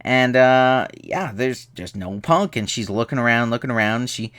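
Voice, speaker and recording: Young dude ranting through a movie recap, bright voice, keeps flipping into squeaky mocking voices. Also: male voice, moderate pace, clean tone. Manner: animated, exasperated, jumps into high mocking voices for characters. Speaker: movie reviewer. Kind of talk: casual spoken movie review.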